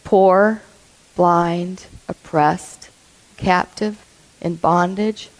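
A woman telling a story in a sermon, blunt and animated, acting out what people said. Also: lowish voice, drawn-out words. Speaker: church speaker. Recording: long reverb of a hall.

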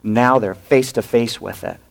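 Slow-preaching male pastor. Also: mid-range voice, gravelly. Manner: animated storytelling, acting out quoted lines. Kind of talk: sermon.

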